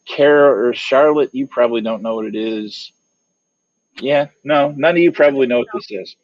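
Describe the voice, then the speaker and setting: A man narrating a tabletop game as game master, hesitant, pausing often with fillers and restarts. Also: mid-range voice, no echo. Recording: dull lo-fi dry mic.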